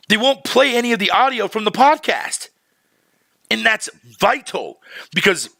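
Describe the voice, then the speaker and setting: A man's voice: a little high, gravelly, sharp tone, no room sound. A man ranting casually on a livestream, heated and profane, full of slang, breaking off to greet viewers in chat. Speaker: streamer.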